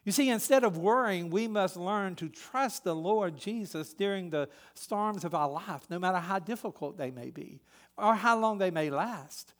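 A pastor preaching a sermon, a man who is emphatic and swings between loud and soft. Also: sits high, animated, normal speed.

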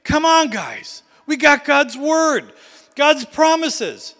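A man's voice: extremely high pitch, very animated, takes it slowly, a bit bright, big-room sound, pitched above the performer's own voice, exaggerated voice. A man voicing a bold young warrior who urges his people to attack, urgent and rallying.

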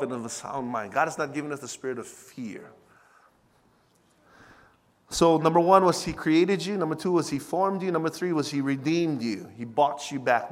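A man preaching a sermon, calling out to the congregation and swinging from hushed to loud. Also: a little high. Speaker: pastor. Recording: long hall reverb.

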